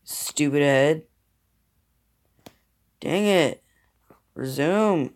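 Slow-talking tired gamer guy. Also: fairly high pitch. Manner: grumbling at the game, muttering to himself. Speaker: mobile game player. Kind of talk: gameplay commentary. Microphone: phone microphone.

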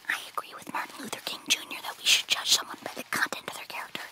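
A woman playing a nervous sketch character in whispered role-play, hushed and hurried. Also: lightly acted.

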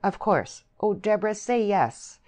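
A woman's voice: medium pitch, lively intonation, unhurried, darkish tone, voice pushed up, lightly acted. A woman voicing an eager, impatient young man who speaks insistently and passionately.

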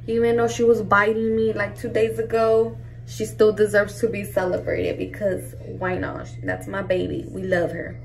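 A young mother talks to her camera in a casual vlog, gushing and emotional as she goes. Her voice carries a gravelly fry. She sits a little back from the microphone. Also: medium pitch, level tone, normal speed, hardly any pauses, far from the mic, soft background music. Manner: emotional, gushing, says "y'all" and "like" often. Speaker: mom vlogger.

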